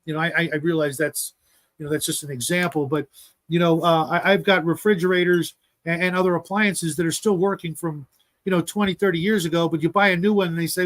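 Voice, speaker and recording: A man with a fairly high voice rants through a casual livestream chat. He sounds exasperated and leans on filler words as he talks. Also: fairly even intonation, quick pace. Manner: ranting, exasperated, many fillers. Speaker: podcast co-host.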